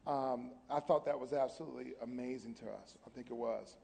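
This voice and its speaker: His mid-range voice is a bit fast, darkish and slightly rough, with vocal fry. As a pastor and co-host, he chats and tells stories animatedly, stumbling over words frequently, in a recording with long hall reverb.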